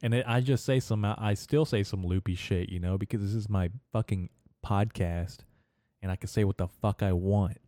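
A young man rambles through his own solo podcast in a low, dark, mellow voice, swearing freely and laughing at his own jokes. The recording is dry and close, with no room sound around him. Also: moderate pace, no room sound. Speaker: podcast host. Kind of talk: casual solo podcast monologue.

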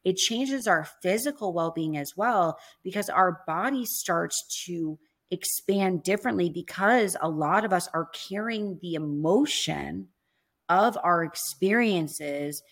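Lady guest, kinda low voice, chatty storytelling, says like a lot. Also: unhurried. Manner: chatty, lots of "like" fillers. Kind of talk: casual storytelling interview.

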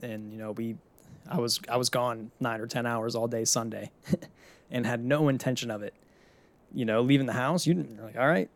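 A man's voice: medium pitch, steady tone, moderate pace. A young man from the Pittsburgh area, hosting a casual solo podcast, talking in a loose, chatty way with casual swearing. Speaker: podcast host.

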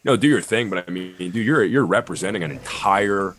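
A man's voice: deep voice, expressive, brisk, fairly bright tone, slight background noise. A young American man chatting casually on a podcast, blunt and profane, full of fillers. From United States. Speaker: podcast guest.

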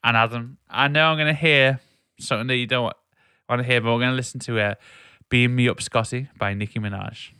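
A man's voice: medium pitch, fairly even intonation, a little fast, few pauses, pushed and bright, clean tone, no echo, studio quality. A man hosting a casual podcast chat, playful and teasing, laughing often. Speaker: podcast host.

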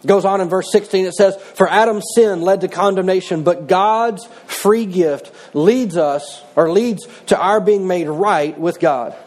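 Man, middle-aged, pastor, sermon, conversational, slightly high voice. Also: measured pace, few pauses, a little mellow. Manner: conversational preaching with personal stories.

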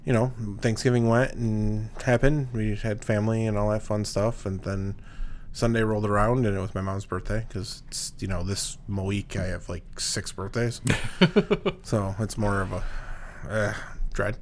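A man co-hosting a podcast, talking in a low-key, mellow way about his week. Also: flat delivery, moderate pace, slight background noise. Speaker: podcast co-host. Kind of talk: casual podcast chat.

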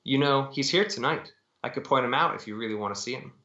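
A man's voice: medium pitch, fast, pushed and bright, natural voice. A man reading as a drunk burly mob flunky. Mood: boozy swagger. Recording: dull echoey call audio.

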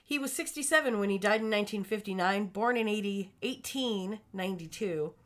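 A woman's voice: mid-range voice, fairly quick. A woman co-hosting a casual podcast, bantering in a crude, profane way. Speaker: podcast co-host. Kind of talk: casual chat.

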